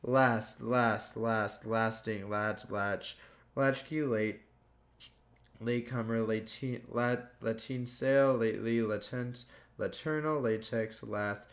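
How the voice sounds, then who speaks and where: A man slowly reading dictionary words aloud one by one, stumbling and restarting now and then. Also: fairly low pitch, steady tone. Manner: slow, plodding word-by-word reading with stumbles. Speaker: gaming youtuber.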